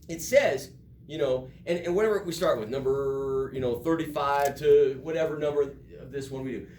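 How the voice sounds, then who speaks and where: A man's voice: on the high side, a little mellow, echoey room, a little hiss or hum. A middle-aged man teaching a math class, emphatic and joking, recorded from far off in a classroom. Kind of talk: classroom lecture.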